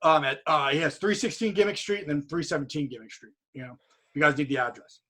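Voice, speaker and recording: A man appearing as a podcast guest tells a long story over a video call, excitable, casual, and profane. His voice is a little high and he talks fast.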